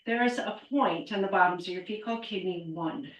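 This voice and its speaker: A woman's voice: fairly low pitch, fairly quick, lo-fi sound. Echoey distant woman leading qigong. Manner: counts aloud and cues movements. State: a little out of breath. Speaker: qigong instructor. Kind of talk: guided exercise class. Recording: echoey room, voice away from mic.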